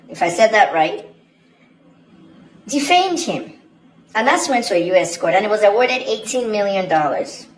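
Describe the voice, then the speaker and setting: A woman's voice: mid-range voice, slight background noise. A woman giving opinionated, indignant commentary straight to camera in a chatty way. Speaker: journalist and commentator. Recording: echoey room with faint ambience.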